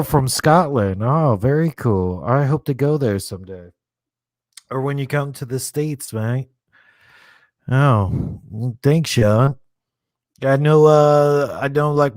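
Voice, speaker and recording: A man's voice: medium pitch, unhurried, darkish tone, no room sound. A young adult man casually chatting and rambling as he hosts a live stream, laughing often.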